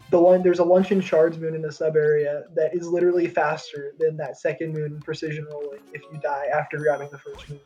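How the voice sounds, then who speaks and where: A man's voice: on the high side, warm tone, muffled recording. A man giving chatty, knowledgeable commentary on a video game speedrun, explaining tricks as he goes.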